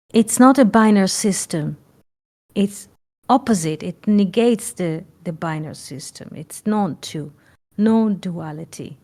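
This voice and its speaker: Slow, emphatic woman teaching. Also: mid-range voice, darkish tone. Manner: earnest, emphatic, repeats phrases, blunt swearing. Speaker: spiritual teacher. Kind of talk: spiritual teaching talk.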